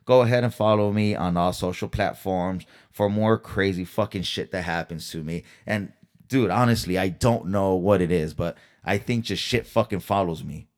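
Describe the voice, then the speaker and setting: A man's voice: deep voice, moderate pace. Heated, cursing man ranting on his podcast. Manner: heated, profanity-laden venting; rhetorical questions to listeners. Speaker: podcast host. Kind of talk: solo podcast storytelling rant.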